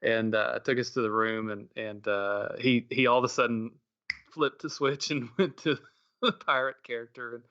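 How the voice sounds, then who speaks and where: A man's voice: medium pitch, fairly even intonation, moderate pace, a bit bright, muffled recording. A middle-aged man co-hosting a podcast, telling a rambling story in casual chat with many fillers and restarts. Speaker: podcast co-host.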